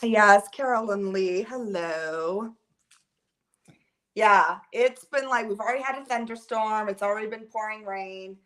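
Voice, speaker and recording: Speaking at a measured pace, the woman has a mid-range voice with a touch of brightness. She's hosting a live stream from her home, a camera on a holder capturing her rambling, filler-heavy chat with viewers.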